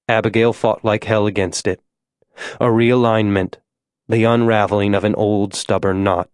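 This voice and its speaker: A man reading an audiobook in a measured, scripted narration. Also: on the low side, flat delivery, no echo, studio quality.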